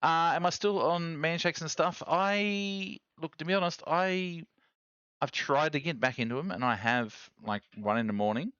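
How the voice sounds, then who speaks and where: A man's voice: fairly high pitch, normal speed, clean tone, no room sound, highs cut off. An Australian man hosting a casual live stream, chatting with viewers and reading chat aloud. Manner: chatty, reads chat aloud, animated rants. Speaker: streamer host.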